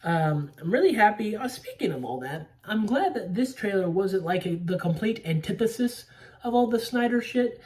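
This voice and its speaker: A woman reacting to a movie trailer in a rambling, profane, excitable fan chat. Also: medium pitch, moderate pace, distant mic.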